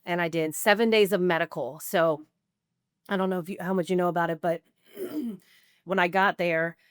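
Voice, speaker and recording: Woman in her 40s, guest on a podcast, clear smooth voice, lots of "like", opening up about her past. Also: lowish voice, normal speed, dry recording, studio quality. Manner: conversational, full of "like" and quoted self-talk. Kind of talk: candid personal recovery story.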